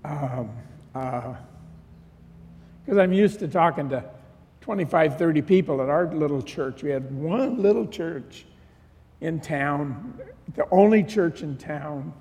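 Middle-aged guy pastor, higher voice, chatty storytelling sermon, big echoey church hall. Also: animated, unhurried, a little mellow. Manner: conversational storytelling, acting out retold dialogue. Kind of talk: sermon testimony.

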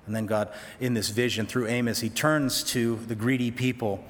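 A man's voice: medium pitch, fairly even intonation, normal speed, in a large hall, slight background noise. A man teaching through a Bible passage in a conversational sermon, with folksy asides to his listeners.

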